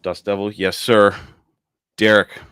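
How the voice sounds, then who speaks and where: Deep-voiced, laughing podcast host man. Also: measured pace, clean tone, no echo, clean studio sound. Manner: laughs often, excited and chatty. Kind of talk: casual live-stream chat.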